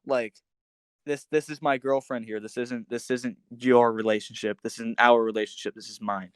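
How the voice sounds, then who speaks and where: A young man recounts a personal story on a podcast, talking fast in bursts, stumbling over restarts and slipping into higher voices for quotes. His voice sits in a middle register. The sound is dry and close to the mic. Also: smooth, no echo. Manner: animated, many fillers and restarts, quotes others in a raised voice. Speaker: podcast guest telling a story.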